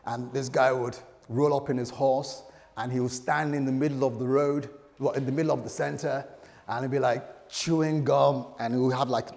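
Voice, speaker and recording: A man's voice: medium pitch, fairly even intonation, normal speed, creaky, a little mellow. A middle-aged man preaching a sermon, telling a story dramatically with humorous asides to the congregation. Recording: echoey hall.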